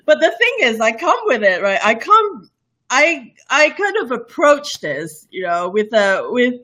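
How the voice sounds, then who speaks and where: A woman's voice: fairly high pitch, big pitch swings, measured pace, a bit bright. A woman in her thirties from Borneo, with a light Bornean lilt blended with mixed international English, chatting as a guest in a casual interview, full of fillers, restarts and giggles. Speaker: livestream cooking show host, guest.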